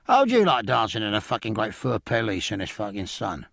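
A man's voice: fairly low pitch, huge pitch swings, a little fast, fairly bright tone, no room sound, clean studio sound, exaggerated voice. A man voicing a cheerful, superstitious English sailor who talks coarse and salty. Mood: earnest. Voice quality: rough, salty, swearing.

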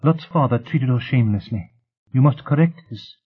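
A man's voice: medium pitch, normal speed, breathy edge, pitched above the performer's own voice, close to an everyday voice. A man voicing a frank, practical young woman, heard through tinny phone-like audio. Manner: candid, practical.

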